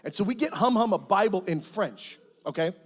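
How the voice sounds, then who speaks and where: A man, a guest pastor, telling his testimony as a sermon in lively storytelling that bursts into excited, shouted quotes. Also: high voice, brisk, breathy edge.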